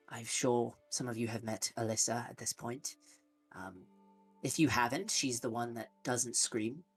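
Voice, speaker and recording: A man narrating as game master of a tabletop game, often pausing with ums, with faint music behind. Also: mid-range voice, husky. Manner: hesitant, many ums.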